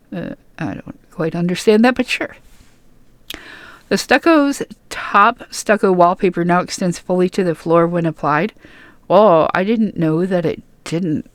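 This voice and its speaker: In a fairly low voice with no echo, a young female gaming YouTuber reads out game patch notes. She rambles casually between entries, her commentary loaded with fillers and false starts.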